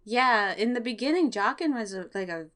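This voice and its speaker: A woman's voice: on the high side, expressive, normal speed, fairly bright tone. Woman, podcast co-host, giggly, playful, casual chat. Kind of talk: casual anime recap chat.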